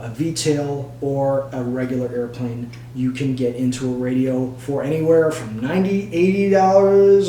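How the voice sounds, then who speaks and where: A man's voice: fairly high pitch, a little mellow. A man hosting a casual hobby video, talking to camera in a joking, rambling way with playful asides. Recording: echoey room with faint hum.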